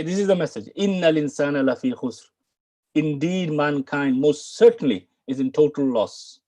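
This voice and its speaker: His voice sits on the high side and sounds mellow as this British man from the United Kingdom teaches Arabic and the Quran online. Speaking British English, he leans on key words and repeats phrases for learners to follow.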